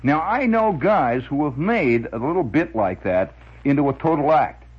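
Man with a husky voice, lively pitch, and a chuckling, rambling storytelling style full of "uh"s, on a dull old radio recording. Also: moderate pace. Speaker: radio monologist.

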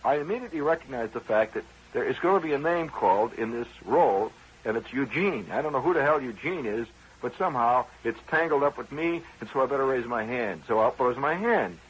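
A man's voice: medium pitch, lively intonation, fairly quick, breathy edge, muffled recording. A man hosting a radio show, telling a rambling personal story in a conversational, wry way with frequent asides to his listeners.

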